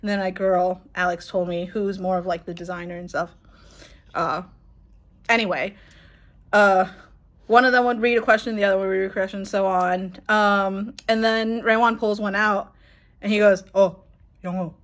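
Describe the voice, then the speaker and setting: A young woman telling an excited, rambling story in casual chat, laughing and swearing as she goes. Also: medium pitch, moderate pace. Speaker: vlogger.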